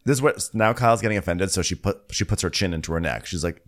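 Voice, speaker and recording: A man co-hosting a comedy podcast, recapping a reality show in a low, dry narrating voice and laughing at his own jokes. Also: fast talker, few pauses. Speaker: podcast co-host.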